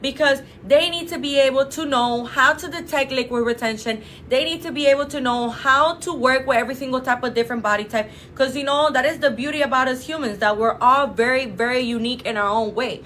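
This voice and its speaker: A woman's voice: high voice, a little fast, hardly any pauses, a bit bright, slight background noise. A woman from a clinic talking casually and emphatically to viewers, full of fillers and "you guys.". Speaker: clinic representative. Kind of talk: casual promotional talk to camera.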